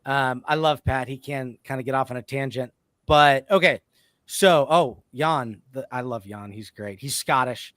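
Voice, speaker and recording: A man's voice: medium pitch, measured pace, a bit bright, dry recording. A man hosting a podcast in a casual, rambling way, often breaking off and restarting his sentences. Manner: rambling, self-interrupting. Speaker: podcast host. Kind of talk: casual chat.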